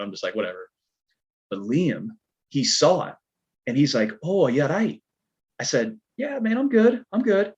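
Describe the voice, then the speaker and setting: Husky-voiced man with a twang. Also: medium pitch. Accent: American Southern twang. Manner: laid-back, rambling, lots of filler words. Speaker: podcast guest, stuntman. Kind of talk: casual storytelling chat. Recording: dull lo-fi podcast audio.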